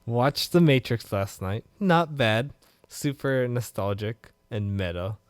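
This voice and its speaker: A man's voice: medium pitch, takes it slowly, no room sound. A man co-hosting a podcast, chatting casually and animatedly, swearing freely. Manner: animated, swears freely, bursts into loud laughs. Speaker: podcast co-host. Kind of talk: casual chat.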